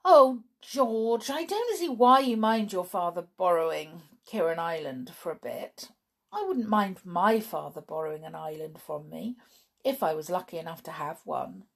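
Gentle, sensible young girl, coaxing and reasonable, read by a woman with a gravelly low voice. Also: animated, unhurried, heavily acted.

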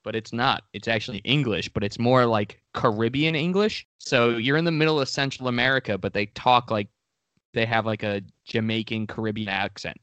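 A man's voice: mid-range voice, normal speed, a bit bright, clear, resonant tone, no echo. A man co-hosting a podcast in a laid-back, casual way, full of "dude" and "like," close to a studio microphone. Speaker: podcast co-host.

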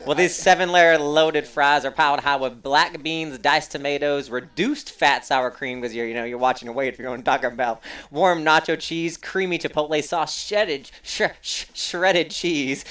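A man's voice: fairly high pitch, moderate pace, hardly any pauses, a bit bright, clear, resonant tone. A male podcast host with a slight cold, chewing gum, reading news items in a casual, playful way with jokey asides.

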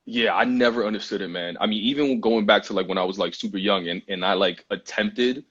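A man's voice: lowish voice, brisk, husky. A young man, chatting casually as a guest and telling stories full of slang and fillers. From Brooklyn, New York. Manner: animated storytelling with slang and many fillers. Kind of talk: casual chat. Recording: muffled Instagram live audio.

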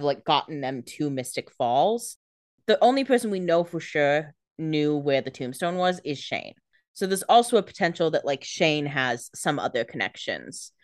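A woman with a very low voice chats with a co-host, spinning theories about a show. Her pitch moves around widely. The recording is close and dry. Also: no room sound. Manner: chatty, speculative, quick asides. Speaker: podcast co-host.

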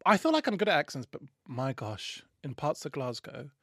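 Giggly, animated man with a bright pitch. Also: moderate pace, creaky, no room sound, studio quality. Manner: camp, giggly and playful. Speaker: podcast co-host. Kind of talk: casual chat.

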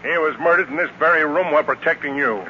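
A stern police inspector, tinny sound. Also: male voice, fairly high pitch, sharp tone, a little hiss or hum. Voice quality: brisk, commanding. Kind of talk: 1940s radio drama acting. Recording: tinny, phone-like old radio recording.

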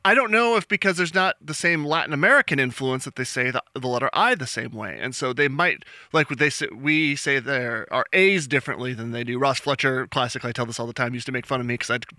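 Bright-voiced man in a dry sports podcast chat. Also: medium pitch, fast talker, few pauses, no echo. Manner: animated, mimics announcers, laughs often. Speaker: podcast co-host.

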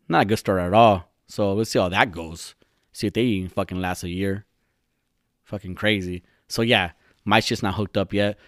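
A man's voice: fairly low pitch, no echo, clean studio sound. A young man hosting his own podcast alone, rambling and swearing as he mocks his friends. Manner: profane, rambling, mocking. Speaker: podcast host. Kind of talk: solo podcast rant.

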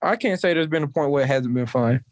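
A young man from South Georgia, a college wrestler, is an interview guest speaking in a laid-back, casual way and saying "like" a lot. His voice is a little high and animated, his pace quick, and the recording dry.

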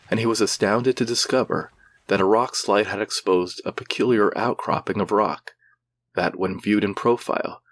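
A man narrating a regional ghost legend in a measured, somber storytelling style. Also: on the low side, slightly rough.

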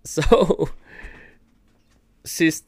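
A man's voice: extremely slow, no echo, studio quality. A man guest on a podcast, telling a story in loose, profane slang and laughing as he goes. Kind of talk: casual storytelling chat.

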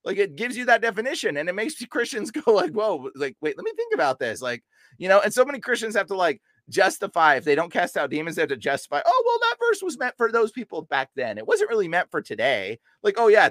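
A young man as a podcast guest, telling an animated story and acting out quotes with sudden jumps in pitch. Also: fast, no room sound. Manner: excitable, acts out quotes with big pitch jumps. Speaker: podcast guest, deliverance minister. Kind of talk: animated storytelling in casual chat.

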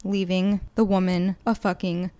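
A woman's voice: medium pitch, level tone, measured pace, dark tone. A woman in her late twenties hosting a solo podcast, rambling candidly through a list of topics with frequent swearing and tangents. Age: late 20s. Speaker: podcast host. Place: indoors, seated on a low chair.

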